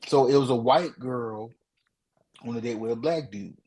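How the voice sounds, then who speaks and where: A man co-hosting a podcast, telling a dating story in relaxed, rambling casual chat. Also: mid-range voice, normal speed, poor audio. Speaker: podcast co-host.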